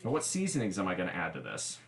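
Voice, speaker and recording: A man's voice: deep voice, huge pitch swings, fast, vocal fry, echoey room. A man hosting a casual cooking livestream, chatty and explaining each step with wry asides, recorded in a home kitchen. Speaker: livestream host.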